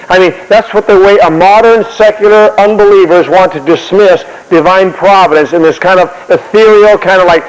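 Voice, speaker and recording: A man preaching in a sermon-style history talk, animated, often repeating and restarting words, with a long hall reverb. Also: sits high, brisk, few pauses.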